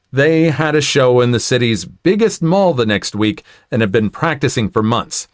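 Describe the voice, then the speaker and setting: A man's voice: mid-range voice, no echo, studio quality. A man reading online stories aloud and adding his own asides, telling them expressively. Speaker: story narrator.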